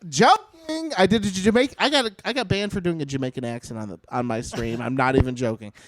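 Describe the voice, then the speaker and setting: A man's voice: medium pitch, fast, noisy background. A young man co-hosting a podcast, chatting casually and joking around with frequent swearing. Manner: profane, joking, rambling. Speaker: podcast co-host. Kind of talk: casual chat.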